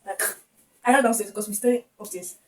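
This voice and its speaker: A woman's voice: mid-range voice, fairly even intonation, a little fast, darkish tone. A young woman with a Nigerian accent telling a personal story to camera, emotional and often repeating her words. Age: young adult. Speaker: vlogger. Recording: distant mic with faint background noise.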